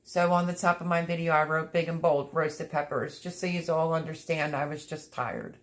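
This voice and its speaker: A woman's voice: sits low, steady tone, normal speed. A woman hosting a livestream, chatting casually and reading out viewer comments, effusive and a little teary. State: sniffling, teary. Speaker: livestream host.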